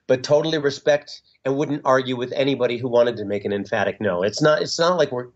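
A middle-aged man, a musician being interviewed, talking in a halting, reflective way with many fillers and restarts. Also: mid-range voice. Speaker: musician guest. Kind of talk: casual interview talk. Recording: dull lo-fi sound.

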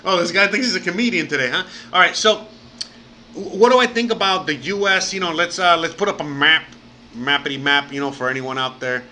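Chatty, bright-voiced man live streaming. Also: sits high, lively intonation, a little fast, slight background noise, poor audio. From Miami, United States. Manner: rambling and chatty, full of fillers and casual swearing; reads out and thanks viewers by name. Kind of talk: casual live-stream chat.

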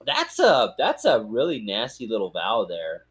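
A man's voice: on the low side, huge pitch swings, a little slow, slightly rough. A man on a podcast, reading a Bible passage aloud and breaking off to paraphrase it in casual, joking chat. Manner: reads scripture aloud, stops to joke and paraphrase. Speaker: podcast host.

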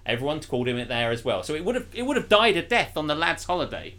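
Lively man telling rambling anecdotes. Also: a little high, fast. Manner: rambling anecdotes, frequent laughter. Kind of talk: casual chat.

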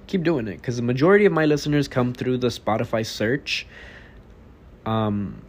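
This is an eighteen-year-old Texan man hosting a solo podcast, rambling bluntly and swearing freely in a casual monologue. His voice is mid-range and his pace is normal.

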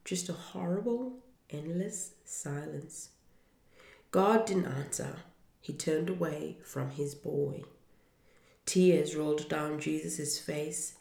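A woman reads a children's storybook aloud with an earnest, heartfelt delivery. Her voice is low and gravelly and she takes her time, in a room with a clear echo. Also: mellow. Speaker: parent reading to listeners. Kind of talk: storybook reading. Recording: roomy echo.

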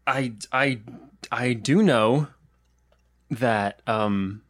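A man's voice: medium pitch, drawn-out words, no echo. Podcast guy w hiccups, rambly and self-mocking, dry close mic. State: has the hiccups. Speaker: podcast host. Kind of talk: casual podcast chat. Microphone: close podcast microphone.

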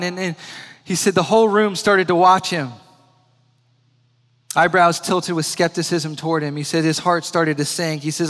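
A man preaching a sermon through a story, slowing down and repeating key phrases for emphasis. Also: on the high side, fairly even intonation, a bit bright, long reverb tail.

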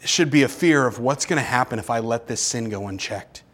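This sermon comes from a male pastor speaking fairly quickly at medium pitch, moving between urgent and hushed moments while pressing listeners with rhetorical questions again and again.

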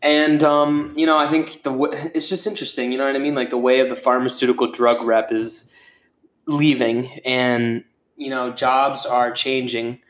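A man's voice: medium pitch, little pitch movement, moderate pace, a bit bright. Rambling, profane man in an echoey room. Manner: rambling, profane, with many fillers. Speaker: podcast host. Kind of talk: casual solo podcast monologue.

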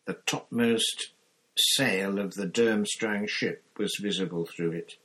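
Casting: low, husky male narrator, steady audiobook reading. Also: takes it slowly, low-quality recording. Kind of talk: scripted narration.

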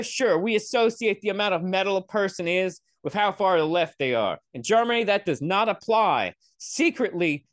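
A man's voice: on the high side, fairly bright tone, dry recording. A young man hosting a podcast, ranting in a sarcastic, profane, rambling way into a close mic. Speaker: podcast host. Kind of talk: comedic solo rant.

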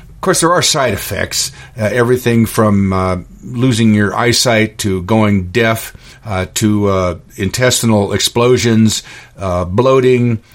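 A middle-aged man and store owner ranting in a monologue on his own show, indignant and stumbling over restarts. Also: on the low side. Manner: indignant, repetitive, stammering restarts. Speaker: podcast host and store owner.

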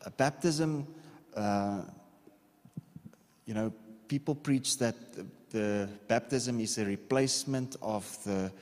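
A man preaching a relaxed, conversational sermon, often stopping to check that his listeners follow. His voice rings with a long reverb, like a church hall. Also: mid-range voice, slow. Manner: conversational, repeats okay, drawing on a board. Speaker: pastor.

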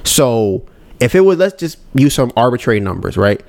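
A man's voice: medium pitch, sing-song, normal speed, creaky, darkish tone. A man hosting a podcast, talking candidly and rambling about handling his anger, acting out his own thoughts. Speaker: podcast host. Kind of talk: casual solo podcast talk.

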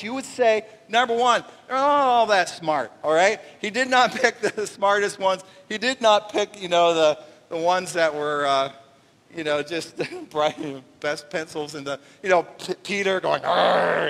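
Casting: male pastor, high voice, animated and joking, sermon in a reverberant church. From Canada. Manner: animated, jokey, acts out little voices. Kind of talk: conversational sermon. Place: church sanctuary. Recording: long reverb of a church hall.

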